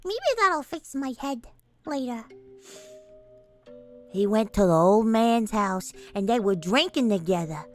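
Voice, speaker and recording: Brief: woman streamer and voice actress, high lively voice, laughing self-mocking asides, live game translation. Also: unhurried, long pauses, soft background music.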